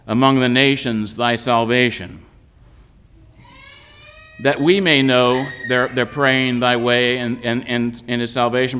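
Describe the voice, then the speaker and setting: A man's voice: mid-range voice, a bit bright, clean tone, long reverb tail. A man who is an Orthodox priest, giving a patient, explanatory sermon on a psalm with frequent restarts.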